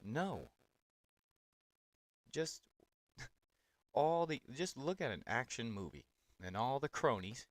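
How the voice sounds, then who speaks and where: A man with a fairly low voice hosts political reaction commentary, blunt and sarcastic, swearing freely. His voice sits dry and close, with no room around it. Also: very animated, takes it slowly, long pauses, no echo.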